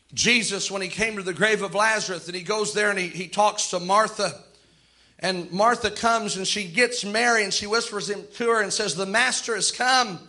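A male preacher with a very high, piercingly bright voice delivers a fervent sermon. He acts out the people he quotes and stretches key words for drama.

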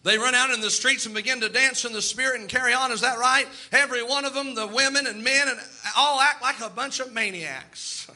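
A man preaching a sermon in a folksy, animated way, slipping into quoted asides. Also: very high-pitched, fairly quick, hardly any pauses.

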